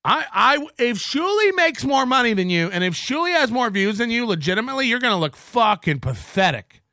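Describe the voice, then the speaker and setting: A middle-aged man hosting his show in a profane, mocking rant that rambles from point to point. His voice rides high and swoops around with a bright edge. It is recorded dry on a close mic. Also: sing-song, a little fast, no echo. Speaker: podcast host. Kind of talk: casual rant reading chats.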